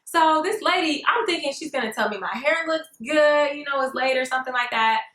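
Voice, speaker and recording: A young woman telling a story on her vlog in a sassy, animated way, often calling her viewers "girl". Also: sits high, brisk, reverberant, rough recording. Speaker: vlogger.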